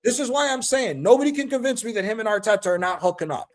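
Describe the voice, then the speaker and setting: High-voiced man ranting, animated and profane. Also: fast. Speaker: host. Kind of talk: casual football chat stream.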